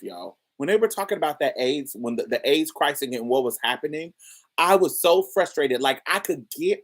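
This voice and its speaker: A woman's voice: sits low, breathy edge. A woman podcast host giving casual review commentary, talking in slang with exasperated asides.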